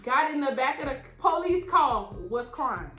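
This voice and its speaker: A young Louisiana woman vlogs casually in a high voice at a moderate pace, animatedly acting out the voices in the story she tells. The room has a roomy echo, with faint beats playing behind her.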